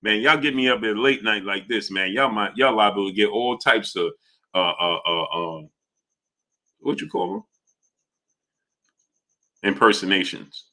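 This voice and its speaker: A man hosts a casual livestream, his voice sharp and ringing. He goes from low, mumbled shout-outs to loud, heated outbursts. He sounds preachy as he rants at whoever he is talking about. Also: lively intonation, a little slow, long pauses. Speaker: livestream host. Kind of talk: casual livestream commentary, reading viewer chats.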